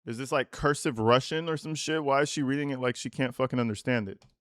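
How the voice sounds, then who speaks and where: A man's voice: medium pitch, fast talker, dry recording, clean studio sound. A man hosting a reaction commentary, sarcastic and profane, mocking what he hears with fake tears. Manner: sarcastic, profane, mock-tearful asides. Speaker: commentary host.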